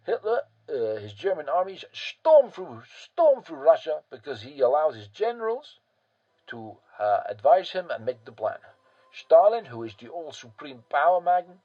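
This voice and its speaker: A man's voice: mid-range voice, lo-fi sound. A man telling history in a casual, profane, rambling way full of fillers and restarts. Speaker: history podcast host.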